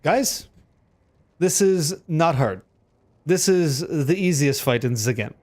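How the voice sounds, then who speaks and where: A man streaming a game live and talking to his chat, excitable and joking, swearing freely as he plays. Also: a little high, slow pace. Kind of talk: live gameplay commentary with chat.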